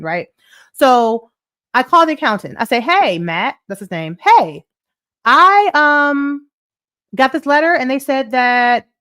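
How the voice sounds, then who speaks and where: A woman's voice: a little high, fairly bright tone. Lady host chatting about money, voice swoops up and down a lot, keeps saying right?. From United States. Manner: chatty storyteller, repeats points, asks "right?" often; reads viewer comments aloud. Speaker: show host. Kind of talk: casual livestream money talk.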